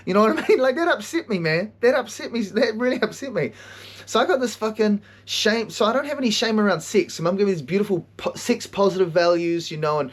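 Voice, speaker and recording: A man hosting a podcast, telling stories in an animated way, swearing a lot and often laughing. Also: high-pitched, quick pace. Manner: animated storytelling, heavy swearing, frequent laughter. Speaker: podcast host and counselor. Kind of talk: casual monologue.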